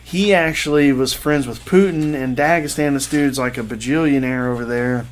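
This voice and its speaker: Slight background noise sits behind this man's mid-range voice as he talks at a normal speed. As a podcast co-host, he recounts a sports story in a rambling, casual way, with lots of "uh" and "you know."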